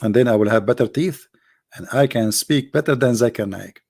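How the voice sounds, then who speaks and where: Creaky-voiced man hosting a livestream. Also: medium pitch, fairly quick. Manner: animated storyteller in non-native broken English. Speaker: livestream host. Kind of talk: casual livestream chat.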